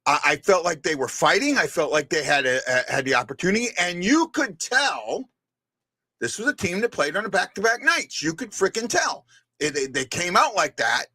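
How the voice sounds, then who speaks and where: A man hosting a casual live-stream sports fan show, talking in a rambling, animated way with frequent restarts. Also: sits high, normal speed, dry recording.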